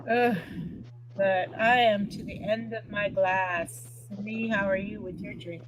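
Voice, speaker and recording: A woman's voice: medium pitch, steady tone, a little slow, rough recording. A woman hosting a livestream, chatting easily with her guest and reading out viewers' names. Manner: easygoing, reads out viewers' names. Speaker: stream host. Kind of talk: casual chat on a livestream. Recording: faint background noise.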